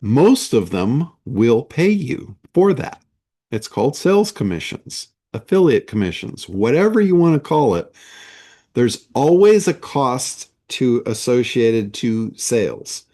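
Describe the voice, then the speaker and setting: A man with a medium-pitched, warm, very animated voice delivers a motivational monologue as a business coach. He speaks slowly and emphatically, driving his points home with rhetorical questions.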